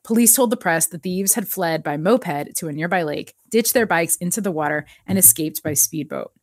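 A woman's voice: fairly low pitch, moderate pace, dry recording. Female co-host, casual and rambling, reads text aloud; dry, close recording. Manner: chatty, many fillers, reads an article aloud. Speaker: podcast co-host. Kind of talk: casual chat recapping a TV episode.

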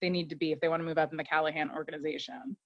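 A woman co-hosting a podcast recaps a TV episode in casual, animated chat, laughing and acting out quotes. Her low voice is very fast, and the recording is dry and muffled.

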